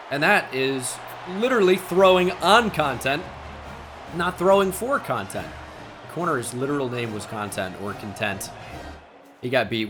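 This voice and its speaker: A man commentating a football video game as he plays, musing quietly and then shouting at big plays. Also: medium pitch, a little hiss or hum. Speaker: gaming YouTuber. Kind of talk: gameplay commentary.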